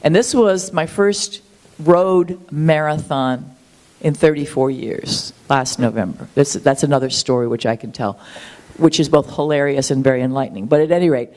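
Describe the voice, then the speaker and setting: Low-voiced chatty woman in her sixties. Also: moderate pace, darkish tone. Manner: chatty, enthusiastic, with frequent ums and restarts. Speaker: guest, author and marathon runner. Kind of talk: conversational interview.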